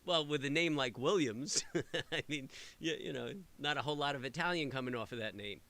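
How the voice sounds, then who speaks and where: A middle-aged man chatting casually with viewers, telling rambling, animated stories full of fillers. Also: medium pitch, fairly quick. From New York area. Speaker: trading channel host. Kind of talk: casual chat answering live viewers.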